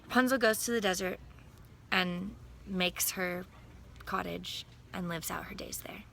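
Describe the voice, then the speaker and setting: Gravelly, bright-voiced woman storyteller. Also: fairly low pitch, slight background noise. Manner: plain, unhurried telling with small self-corrections. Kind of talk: casual fairy-tale retelling.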